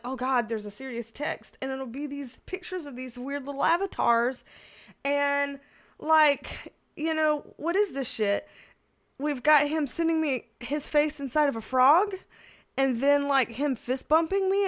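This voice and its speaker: A woman's voice: high voice, a bit bright. A woman in her thirties hosting a casual livestream, reading comments and chatting with exasperated humor and frequent laughter. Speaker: tarot livestream host.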